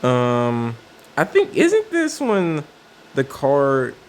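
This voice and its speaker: A man's voice: mid-range voice, huge pitch swings, drawn-out words, slight background noise. Man thinking aloud over new cards. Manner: thinking aloud with many fillers and restarts. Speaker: card game video creator. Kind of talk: casual commentary on card reviews.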